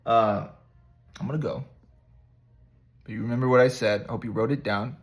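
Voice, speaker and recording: A man with a gravelly, low voice offers casual spiritual encouragement as a vlogger in a relaxed devotional talk. He speaks a little fast and pauses often, rambling conversationally and joking about himself.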